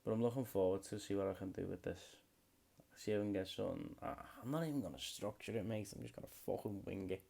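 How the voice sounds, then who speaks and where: A man's voice: on the low side, fast, vocal fry, mellow, slightly rough. A young British man hosting a solo comedy podcast, rambling freely and swearing a lot. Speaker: podcast host.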